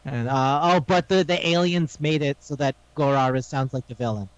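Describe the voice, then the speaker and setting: A man's voice: medium pitch, normal speed, clear, resonant tone, no echo, lo-fi sound. A man co-hosting a podcast, animatedly retelling an anime episode and acting out the lines with frequent laughs. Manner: animated storytelling, acts out quotes, laughs often. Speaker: podcast co-host. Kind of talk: casual chat recapping an anime.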